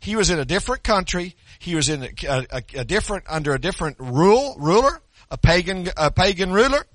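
A man's voice: high-pitched, animated, fairly quick, fairly bright tone, dry recording. An older man preaching a sermon, swinging between folksy stories and emphatic preaching. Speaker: pastor.

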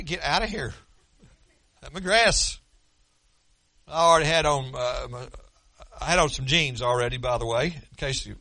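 An older man preaching a sermon, folksy and fervent, stammering through restarts and breaking into shouts. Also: high-pitched, no room sound. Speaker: pastor.

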